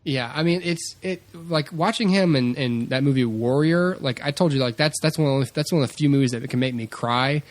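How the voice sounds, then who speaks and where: A man's voice: mid-range voice, fairly quick, hardly any pauses, no echo. Rambling, chuckling male podcast host. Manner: rambling, laughs often, acts out quotes. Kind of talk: casual chat.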